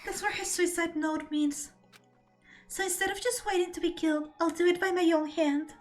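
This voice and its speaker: A woman's voice: very high voice, steady tone, normal speed, faint music behind. A woman streamer reading video game dialogue aloud, dramatic and emotional, close to tears.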